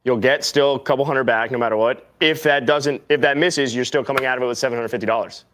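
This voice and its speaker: A man's voice: mid-range voice, steady tone, fast talker, noisy background. A man co-hosting a betting stream, blunt and casual, swearing freely. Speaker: co-host.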